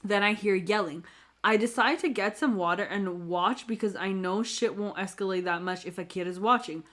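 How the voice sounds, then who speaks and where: A woman's voice: medium pitch, moderate pace, a bit bright. Podcast co-host, woman, reads aloud casually, trips over words and laughs them off. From Canada. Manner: reads aloud with slips and laughs at her own mispronunciations. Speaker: podcast co-host reading stories.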